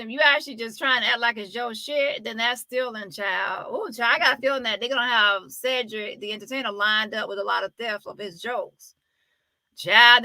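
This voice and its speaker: A woman's voice: on the high side, pushed and bright, no room sound. A woman hosting a casual live-stream commentary, chatty and often exclaiming as she talks. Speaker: commentary host.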